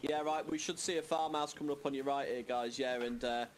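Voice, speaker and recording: A man's voice: mid-range voice, a little fast. A man leading his squad in a military game, giving a rambling, casual briefing over voice chat with a headset. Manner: relaxed, rambling orders with fillers.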